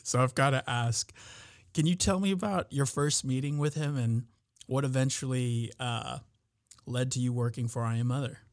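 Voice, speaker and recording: A man hosting an interview, asking his guest questions in a relaxed, hesitant way. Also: mid-range voice, normal speed, dry recording, clean studio sound. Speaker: podcast host. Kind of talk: casual interview.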